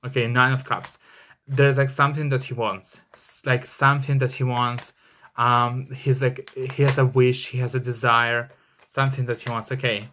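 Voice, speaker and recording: A man reads tarot cards to camera in a loose, casual way. He talks emphatically, with many fillers and the odd curse. His voice sits at an ordinary middle pitch. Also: level tone, normal speed, pushed and bright, a little hiss or hum. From Russia. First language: Russian. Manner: chatty and emphatic, heavy on "like" fillers and swearing. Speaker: tarot reader.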